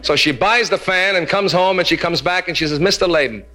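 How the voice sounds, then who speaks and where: A stand-up comedian with a bright, forceful voice pitched a touch high, rattling off jokes and dropping into Yiddish phrases for the punchlines. He hops between character voices as he tells each story, keeping the pace brisk. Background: audience laughter.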